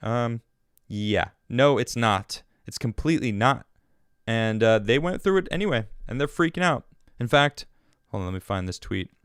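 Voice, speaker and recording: A man's voice: medium pitch, lively intonation, moderate pace, a bit bright, clear, resonant tone, no echo, studio quality. A man hosting his own show, giving an indignant, rambling political monologue full of restarts. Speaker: show host.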